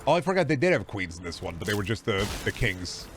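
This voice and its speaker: A man's voice: lowish voice, big pitch swings, fast talker, background noise. A young man streaming a game, cracking sarcastic, profane jokes and rambling about what he finds. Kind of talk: casual gameplay commentary.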